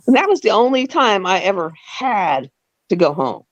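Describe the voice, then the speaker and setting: A woman's voice: mid-range voice, very animated, takes it slowly, pauses often, dry recording, dull audio. A woman in her fifties hosting a live stream, telling stories in a chatty way with laughs and acted-out quotes. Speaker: host. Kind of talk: casual storytelling chat.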